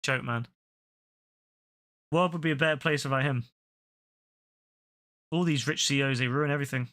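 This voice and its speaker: A man's voice: medium pitch, moderate pace, fairly bright tone. A young man ranting and swearing during casual live-stream chat, often repeating himself as he goes. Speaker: game streamer.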